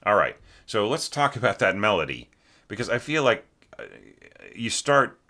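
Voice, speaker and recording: A man with a very low voice and a bright, forceful tone gives a critique of a student's orchestral score. His delivery is loose and conversational, full of restarts and tag questions like "right?". He sometimes hums a short melodic line to show what he means. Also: sing-song, normal speed. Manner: rambling and conversational, keeps asking "right?". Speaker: orchestration teacher.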